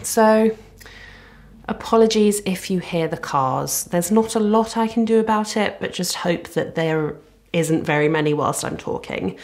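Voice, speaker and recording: A young woman chatting casually to camera from her living room, rambling and self-deprecating. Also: low-pitched. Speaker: vlogger. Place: living room at the front of a house. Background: traffic outside.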